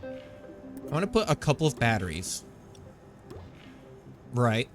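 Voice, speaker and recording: A man hosts his gaming channel and chats his way through a space game, correcting himself as he goes. His voice sits at an ordinary middle pitch, close to a desktop microphone. Quiet music plays underneath. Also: brisk. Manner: chatty, rambling, self-correcting. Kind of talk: casual gameplay commentary.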